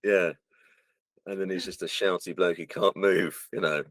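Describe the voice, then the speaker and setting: Speaking at a moderate pace in a low-sitting voice, a man who voices characters chats casually about his job as an interview guest, animatedly performing lines as he tells stories. He's recorded close and dry.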